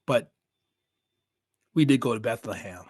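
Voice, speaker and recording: A middle-aged man recalls a journey in a loose, unscripted way. He leans hard on repeated words and stops now and then to find his thoughts. His voice sits at a middle pitch and sounds dry and close, with no room echo. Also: darkish tone, breathy edge. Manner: emphatic, repeats words for effect, pauses to collect thoughts. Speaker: travel podcaster. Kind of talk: unscripted travel reflection.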